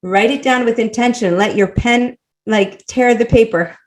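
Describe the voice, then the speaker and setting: A woman coach teaching a live online class over a video call, animated and warm, laughing often as she encourages her students. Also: fairly high pitch, moderate pace. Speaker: women's life coach and teacher.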